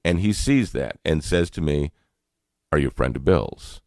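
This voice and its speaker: A deep-voiced, middle-aged man from North Carolina with a Southern accent tells a personal story on talk radio. He speaks earnestly, stumbles and repeats words, and chuckles now and then. The studio sound is dry and close. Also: lively intonation, moderate pace, darkish tone, dry recording. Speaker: radio show host.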